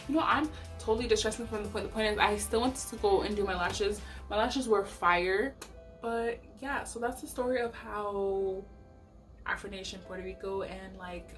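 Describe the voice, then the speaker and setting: A young woman from Canada telling a story to her vlog audience, animated and profane, repeating lines for emphasis, recorded on a camera mic in a rented bedroom. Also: medium pitch. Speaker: vlogger. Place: Airbnb bedroom.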